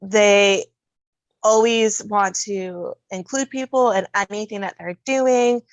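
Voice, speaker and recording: A woman's voice: mid-range voice, steady tone, takes it slowly, no echo, dull audio. Brief: woman podcast guest, casual storyteller, dry close mic. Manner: chatty, laughs often, storytelling. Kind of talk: casual conversation.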